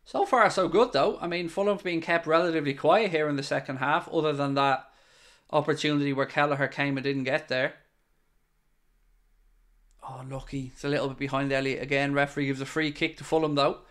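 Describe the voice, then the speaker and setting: An Irish man with a Dublin accent hosting a live football watchalong, reacting excitedly to the play and chatting back to viewers. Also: fairly high pitch, fast. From Ireland. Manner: chatty, answering viewer comments. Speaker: watchalong host.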